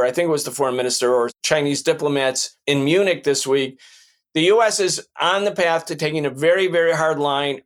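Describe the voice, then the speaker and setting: A man's voice: on the high side, a bit bright. A man hosting a political talk show, speaking in an emphatic, lecturing way and repeating points for stress. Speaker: podcast host. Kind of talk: political commentary.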